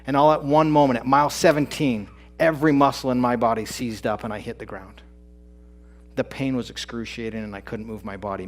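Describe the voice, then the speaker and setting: Man telling a dramatic story on stage. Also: medium pitch. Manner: builds tension, swings between loud peaks and quiet drops. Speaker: speaker at a live talk event. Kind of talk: dramatic personal storytelling talk. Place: stage before a live audience.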